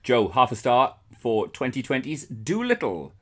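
A man's voice: medium pitch, huge pitch swings, a little slow. A man co-hosting a podcast, giving blunt, swear-filled, scathing movie verdicts in casual chat. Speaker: podcast co-host.

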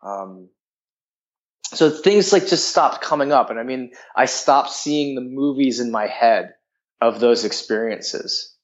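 A man's voice: medium pitch, animated, slow pace, lo-fi sound. A man telling a personal story in a frank, rambling way, full of filler words. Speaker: guest.

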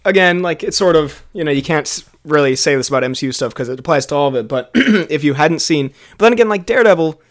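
A young man reviews a film with a friend, his voice a little higher than most men's. He talks in loose, rambling runs and keeps restarting his sentences. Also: lively intonation, fast, few pauses. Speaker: podcast co-host. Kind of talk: casual film review chat.

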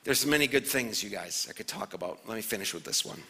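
A man preaching a sermon as a guest pastor in a church, lively and acting out the voices he quotes. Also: fairly low pitch, fast talker, vocal fry, in a large hall, slight background noise. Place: church sanctuary.

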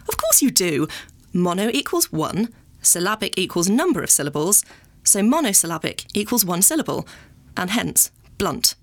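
A woman with a gravelly catch in her voice, performing a comic monologue. She rambles archly, circling her point and correcting herself as she goes. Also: medium pitch. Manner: rambling, arch and self-correcting.

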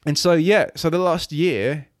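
A man's voice: fairly high pitch, measured pace, no echo, studio quality. A man from Wales, a guest on an interview, talking earnestly and rambling with many restarts and fillers. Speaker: guest, children's ministry leader. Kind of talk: casual interview talk.

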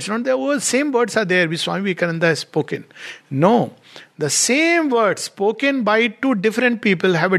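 A man's voice: sits high, a bit bright. A man giving a spiritual discourse, telling stories and asking rhetorical questions. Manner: storytelling with quoted dialogue, rhetorical questions. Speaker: spiritual speaker.

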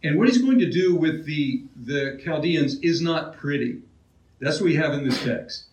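A man preaching with a fairly high voice and an easy, conversational delivery. He restarts his phrases and asks his listeners questions as he goes. He is heard from some distance in a roomy, echoing church hall. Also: animated, normal speed, darkish tone, lo-fi sound. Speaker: pastor. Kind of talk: expository sermon.

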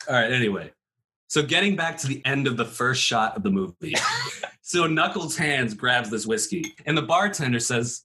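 A man's voice: mid-range voice, lively intonation, fairly quick, bright, forceful tone. A man casually telling a made-up movie plot to his co-hosts, rambling with many fillers and frequent laughs. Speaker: podcast host pitching a made-up movie. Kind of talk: casual comedic storytelling.

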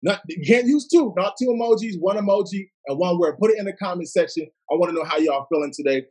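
Man, high husky voice, hyped and slangy, livestream on a phone, greeting viewers. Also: quick pace, a little mellow. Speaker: Bible study host. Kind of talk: casual livestream welcome and Bible study.

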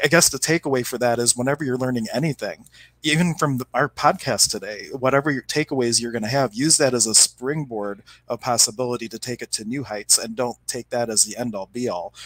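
A man co-hosting a podcast, telling a story in an animated way and acting out the quotes. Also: medium pitch. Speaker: podcast co-host. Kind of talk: casual chat.

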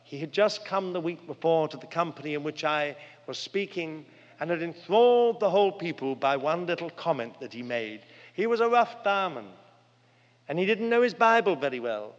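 Older male preacher with a fairly high voice; dramatic, earnest sermon delivery; dull lo-fi hall recording. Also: animated, normal speed. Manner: earnest, dramatic storytelling with wide swings of pitch and loudness. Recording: long hall reverb, dull lo-fi sound.

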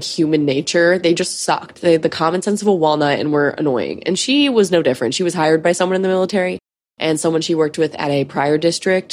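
Chatty, cursing young woman telling a story. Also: low-pitched. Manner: profane, chatty, many fillers. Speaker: podcast host. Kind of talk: casual storytelling.

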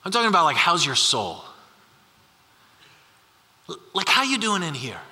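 Bright, high-voiced man preaching in a hall. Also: very animated. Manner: conversational, repeats questions, slows down for emphasis. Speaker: pastor. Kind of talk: sermon. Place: large church hall. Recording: long reverb of a large hall.

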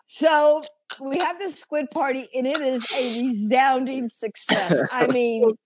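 A woman's voice: sits high, steady tone, a little slow, no room sound. A woman in her fifties, a guest telling a story with lots of laughing and swearing in casual chat.

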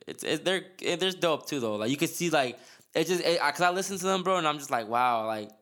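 A man's voice: on the high side, fast, a bit bright. A man hosting a podcast in casual chat, rambling with slang and lots of restarts. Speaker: podcast host.

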